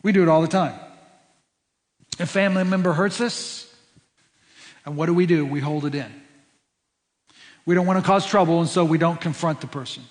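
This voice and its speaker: A man's voice: high voice, long reverb tail. A man preaching a sermon as pastor, stressing points by repeating words and restarting phrases. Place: church sanctuary.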